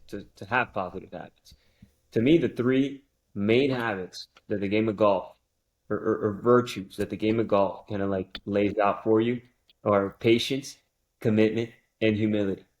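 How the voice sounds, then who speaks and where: A man's voice: on the low side, steady tone, normal speed. A man hosting a golf podcast, talking in a motivational way and repeating phrases for emphasis. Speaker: podcast host. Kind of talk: casual podcast interview.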